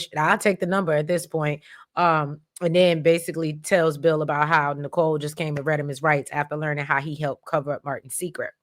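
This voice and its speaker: A woman with a lowish voice recaps a soap opera episode in casual, chatty commentary. She speaks to her viewers as y'all and lets her feelings show, exclaiming over the big scenes. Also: a bit bright. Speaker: recap host.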